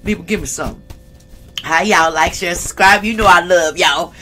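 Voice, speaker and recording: A tarot reader chatting through a reading in a loose, slangy way. The delivery is bold and blunt, speaking right to viewers with frequent laughs. The pitch sits in a middle range. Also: moderate pace, pushed and bright, soft background music. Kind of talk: casual tarot reading vlog.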